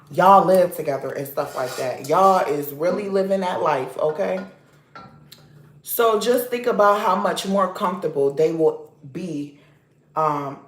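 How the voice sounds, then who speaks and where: A woman vlog host giving blunt, repetitive life advice in a casual talk to camera at home. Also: fairly low pitch. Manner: emphatic, repetitive, preachy. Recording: roomy echoey room.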